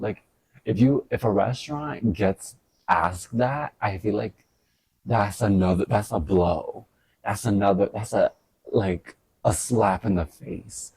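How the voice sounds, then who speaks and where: A man talking in a casual stream-of-thought vlog, animated, swearing often and laughing at his own stories. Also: fairly low pitch, unhurried, vocal fry, husky, no room sound. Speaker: vlogger.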